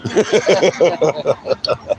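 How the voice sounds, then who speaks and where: A man's voice: on the high side, extremely slow, crowd noise. A man casually chatting through a walking livestream at an outdoor street protest, friendly and amused, talking to strangers. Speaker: live streamer. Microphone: handheld phone. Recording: noisy street ambience and traffic.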